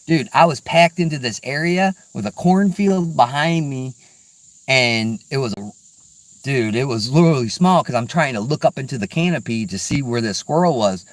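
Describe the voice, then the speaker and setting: A man's voice: medium pitch, expressive, moderate pace, dry recording. Rambling laid-back man, dry close sound. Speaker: hunting vlogger. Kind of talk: casual outdoor vlog chat. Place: outdoors in woods.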